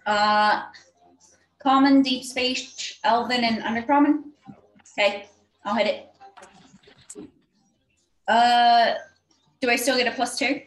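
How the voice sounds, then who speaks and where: Slow, hesitant woman player. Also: a little high, steady tone. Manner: hesitant, thinking aloud while counting dice. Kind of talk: casual tabletop game play. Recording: roomy echo.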